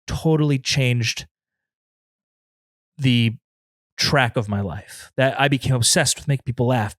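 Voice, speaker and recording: A man's voice: mid-range voice, no echo. Rambling self-deprecating man, dry sound. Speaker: comedy podcast host. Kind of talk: improvised comedy podcast monologue. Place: alone in his apartment.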